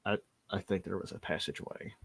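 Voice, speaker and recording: Man doing a gruff foul-mouthed cleric. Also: low voice, steady tone, a little fast, no echo, pitched below the performer's own voice, heavily acted. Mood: quiet.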